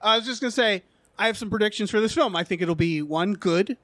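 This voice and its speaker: A man co-hosting a casual podcast, talking about upcoming films in a loose, jokey ramble. His voice sits high for a man. The sound is dry and close. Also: fast, a bit bright, no echo. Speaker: podcast co-host. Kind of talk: casual chat about film trailers.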